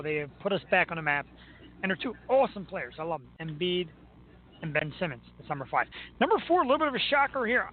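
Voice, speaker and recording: High-voiced chatty male sports host. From Philadelphia. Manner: enthusiastic, chatty, laughs easily. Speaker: show host. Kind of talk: casual sports talk. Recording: tinny phone-like line with faint noise.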